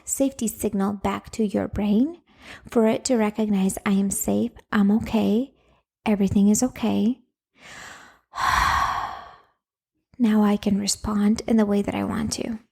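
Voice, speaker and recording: A woman's voice: medium pitch, vocal fry, warm tone, breathy edge. A woman hosting a Christian parenting podcast, giving practical advice in a casual, encouraging way with frequent fillers. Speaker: podcast host, anger coach for moms.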